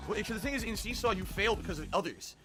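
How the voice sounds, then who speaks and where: Male game streamer, high and swooping, excitable, shouty outbursts, music playing underneath. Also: rapid-fire. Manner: excitable, loud exclamations while playing. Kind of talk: live gameplay streaming, reading chat.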